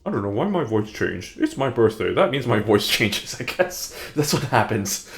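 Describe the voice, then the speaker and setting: Guy streamer reading a visual novel, gravelly, lively pitch, jokey asides, music behind. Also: normal speed, hardly any pauses. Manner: joking, off-hand asides.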